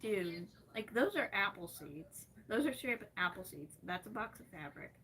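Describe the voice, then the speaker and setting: A woman's voice: medium pitch, expressive, moderate pace, fairly bright tone, recorded from a distance, a little hiss or hum. A woman live streamer ranting at her chat from her bedroom, sarcastic and swearing constantly. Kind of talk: angry rant to chat. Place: her bedroom, moving around.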